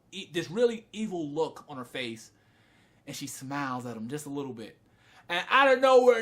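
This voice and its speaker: A man casually reviewing anime on camera, telling scenes in an animated way, laughing and breaking into loud, high yelling. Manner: frequent swearing and laughter.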